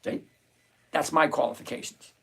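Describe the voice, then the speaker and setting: A man's voice: normal speed, fairly bright tone. A man hosting a live trading stream, answering chat and repeating his points emphatically. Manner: emphatic, repeats key phrases, lectures; reads viewer comments aloud. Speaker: livestream trading host.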